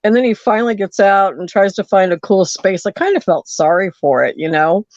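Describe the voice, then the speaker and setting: A woman caller telling a story on a late-night call-in show, animated and acting out the quotes. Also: mid-range voice, a little fast, dry recording, highs cut off.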